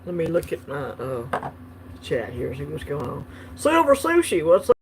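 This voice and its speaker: A man's voice: a little high, wildly swooping pitch, normal speed, noisy background. A man hosting a coin collecting channel, chatting casually and laughing easily while unboxing on a livestream.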